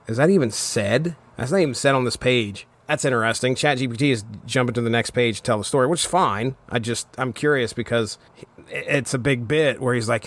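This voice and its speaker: Guy podcasting about an old comic, laid-back recap, laughs at the gags, mid-pitch voice. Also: a bit bright. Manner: reads AI summaries aloud and comments on them; chuckles at the jokes, quick asides. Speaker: podcast host.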